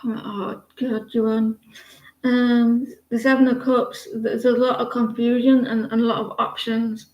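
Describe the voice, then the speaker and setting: A woman's voice: on the high side, flat delivery, measured pace, roomy sound, highs cut off. An Irish woman in her forties giving a chatty, rambling live tarot reading, with many restarts. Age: 40s. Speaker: tarot reader.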